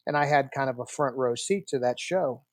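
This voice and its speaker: A man in his sixties, a film producer guest, telling chatty, animated anecdotes in a casual interview, with frequent restarts. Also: medium pitch, brisk, no room sound.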